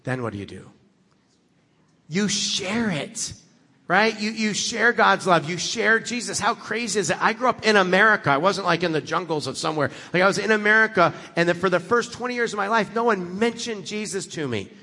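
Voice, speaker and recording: A man's voice: high-pitched, a little fast, sharp tone. Conversational male preacher in a reverberant hall. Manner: conversational, rises to emphatic preaching. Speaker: guest preacher. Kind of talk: sermon.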